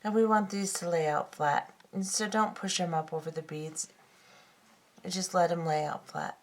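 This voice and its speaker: Woman, craft tutorial host, low-ish voice with vocal fry, patient and step-by-step. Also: steady tone, moderate pace. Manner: patient, methodical, repeats steps.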